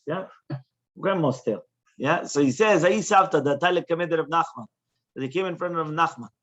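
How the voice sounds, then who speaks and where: A man, a rabbi, teaching a Talmud class in an animated way, often checking in with questions. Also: fairly high pitch, breathy edge. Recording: dull lo-fi recording.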